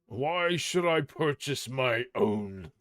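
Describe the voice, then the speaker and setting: Brief: a proud, raging dwarf king, as a man reading aloud puts him on, slow and weighty. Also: medium pitch, lively intonation, a bit bright, no room sound, clean studio sound. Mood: wrathful.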